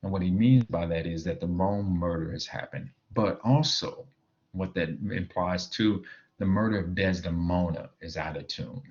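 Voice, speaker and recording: Male teacher, deep voice, recorded lecture on a dull laptop mic, chatty with lots of "um". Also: normal speed, a little mellow. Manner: explains with frequent fillers and "right?", reading quoted lines aloud.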